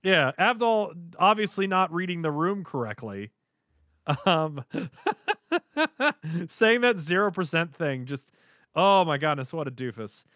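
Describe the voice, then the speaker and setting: A man co-hosting a casual chat, animated and laughing often as he acts out characters' lines. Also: on the high side, unhurried, no room sound, studio quality. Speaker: podcast co-host reacting to an anime episode.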